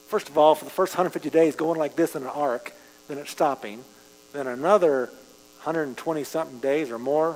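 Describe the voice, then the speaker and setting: A man's voice: fairly high pitch, a little mellow. Man preaching in a reverberant church. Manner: conversational preaching, rises for emphasis. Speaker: pastor. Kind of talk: sermon with scripture reading. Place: church sanctuary. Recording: live church stream with long reverb and mains hum.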